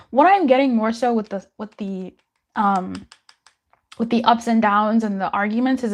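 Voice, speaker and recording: Chatty, swearing woman reading tarot. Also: on the high side. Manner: swears casually, laughs often, chatty. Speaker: tarot reader. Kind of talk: live-stream tarot reading.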